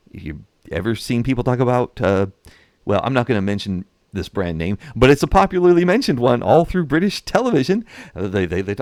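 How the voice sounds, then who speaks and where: A man giving casual, animated history commentary, acting out nations in voices and chuckling. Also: mid-range voice, no echo, studio quality. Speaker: history and strategy game commentator.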